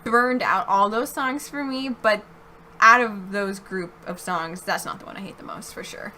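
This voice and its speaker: A young woman hosting a casual podcast chat, bubbly and quick to laugh. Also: mid-range voice, bright, forceful tone, a little hiss or hum. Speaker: podcast host. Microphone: streaming mic.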